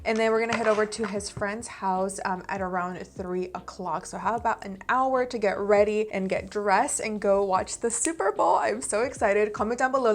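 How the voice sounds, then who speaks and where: A woman in her thirties doing a chatty, bubbly makeup review vlog, talking straight to her viewers. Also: medium pitch. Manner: chatty, bubbly, talks to viewers as "you guys". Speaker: beauty vlogger.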